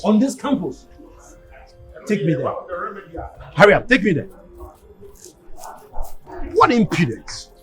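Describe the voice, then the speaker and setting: Guy doing a strict principal, scolding, bit high voice, music playing under it. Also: sing-song, slow, long pauses, exaggerated voice. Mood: outraged. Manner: scolding, repeats himself. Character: stern male school principal, scolding. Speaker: school principal. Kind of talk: drama acting.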